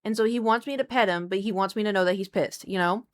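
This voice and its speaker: A young woman talks into a desk microphone at home during a live stream. She tells a story in a chatty, animated way, with quick asides. Now and then she breaks off to talk to her cat. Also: medium pitch. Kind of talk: casual storytelling to live chat.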